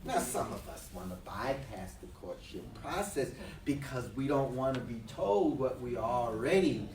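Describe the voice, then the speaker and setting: A man preaching a sermon to a congregation, joking and then rising to shouts. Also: mid-range voice, animated, a little slow, roomy sound, far from the mic, slight background noise. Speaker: minister. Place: large hall with live congregation. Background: congregation responding.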